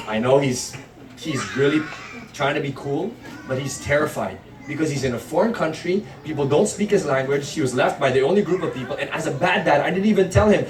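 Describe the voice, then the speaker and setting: A middle-aged man from the Philippines giving an earnest personal storytelling talk, at times dropping to soft hushed tones. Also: medium pitch. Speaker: speaker at a parenting talk. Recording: echoey room, distant mic, faint ambience.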